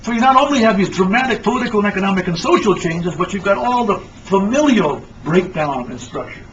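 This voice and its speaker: A man lectures with animated, emphatic energy, telling stories at a slightly fast clip. His voice sits high for a male speaker. The recording sounds muffled and distant, with a faint layer of noise.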